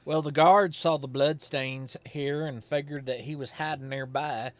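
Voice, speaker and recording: A man hosting a horror podcast stream, chatting casually as he plays a game and reads its text aloud. He muses out loud about the story as it unfolds. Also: mid-range voice, fairly even intonation, a little slow, no room sound. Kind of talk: casual let's-play chat.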